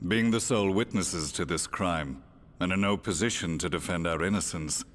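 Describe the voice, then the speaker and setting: A man playing a grave, deep-voiced old warrior. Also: close to an everyday voice. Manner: formal, measured. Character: stern older imperial warrior man, grave. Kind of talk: game cutscene voice acting.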